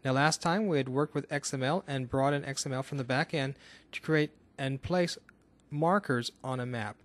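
A man's voice: medium pitch, moderate pace. A man from Northern Kentucky in the US, explaining a screencast coding tutorial step by step in a casual way. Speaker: instructor.

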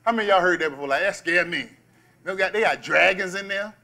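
High, bright-voiced preaching man. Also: creaky. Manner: call-and-response preaching, slows and stresses key words. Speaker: pastor. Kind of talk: sermon.

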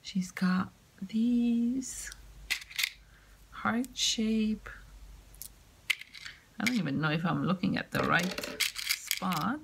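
Woman vlogger, slow and gushing, hushed half-whisper, with loud paper crinkling behind her. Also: medium pitch, gravelly, background noise. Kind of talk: craft mail unboxing. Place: home, indoors.

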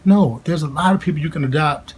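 A slightly rough, somewhat high voice belongs to a man in his thirties sharing a family story. Speaking casually and warmly at home, he stops and starts, leaning on fillers and restarts.

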